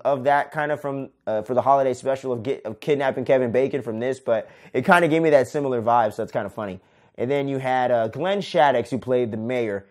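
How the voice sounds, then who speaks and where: A man's voice: mid-range voice, a little mellow. A man hosting a casual solo movie review, enthusiastic and profane, who ends sentences with "man". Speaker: podcast host, film reviewer.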